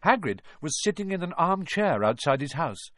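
A man narrating a storybook in an expressive, lively reading. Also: on the high side, normal speed, dry recording. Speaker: audiobook narrator.

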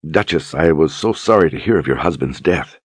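A man's voice: extremely low pitch, animated, fairly quick, slightly rough, no room sound, full character voice. A man voicing an earnest, humble young lord in an audiobook, apologetic and plain-spoken.

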